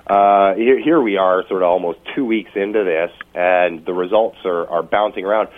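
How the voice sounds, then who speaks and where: Halting low-voiced man on a tinny line. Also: slight background noise. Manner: halting, hedging, filler-heavy. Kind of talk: casual radio chat. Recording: tinny phone-like radio audio.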